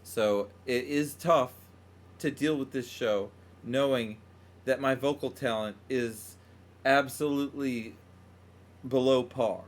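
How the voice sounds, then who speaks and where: A man's voice: medium pitch, slow pace. A man hosting a podcast, teasing his co-host and swearing freely as he chats and reads out news stories. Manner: profane, teasing. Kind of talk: casual banter.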